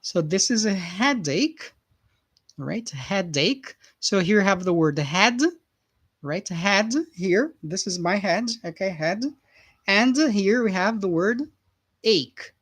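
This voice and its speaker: A man's voice: sits high, lively intonation, slow pace, a bit bright. Man teaching English. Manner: patient, repetitive, checks in with "right?" constantly. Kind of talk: live online English lesson.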